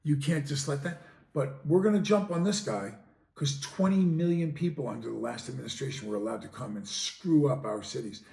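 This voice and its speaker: A man hosting a podcast in a heated monologue, swinging from loud outbursts to low, sarcastic mutters. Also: a little fast, gravelly. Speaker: podcast host. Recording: echoey room, distant mic.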